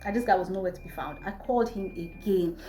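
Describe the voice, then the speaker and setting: A young woman with a Nigerian accent, telling a storytime vlog in an animated, exasperated way. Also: medium pitch, fast talker. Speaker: vlogger. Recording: echoey room, faint music.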